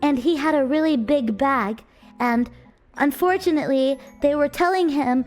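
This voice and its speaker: A young woman with a notably high voice tells a story in an animated, casual streamer style. She keeps checking in with her listeners, and faint music plays behind her. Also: moderate pace. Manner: animated, chatty, checks in with "right?".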